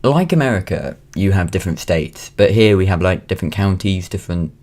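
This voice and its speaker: Low-voiced British teen guy vlogging. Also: animated, brisk, darkish tone. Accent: British English. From Wales. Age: late teens. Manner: rambling, with frequent ums and restarts. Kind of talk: casual rant-style vlog monologue. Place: at home.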